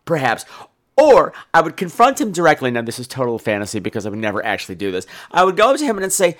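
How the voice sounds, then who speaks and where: Animated, lively man telling a comic story. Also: medium pitch, fast. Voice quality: animated, profane, theatrical. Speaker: podcast host.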